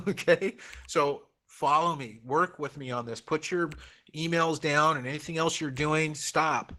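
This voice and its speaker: A man's voice: on the high side, fairly even intonation, measured pace, sharp tone. A middle-aged man from Oregon teaching a real estate class online, coaxing students through the math with repeated, encouraging phrases.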